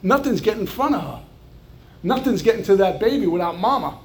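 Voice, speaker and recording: Here a New Yorker tells his personal recovery story, earnest but with bits of wry humor, in his local accent. His voice is high-pitched and expressive, he talks a little fast, and there's some faint hiss or hum.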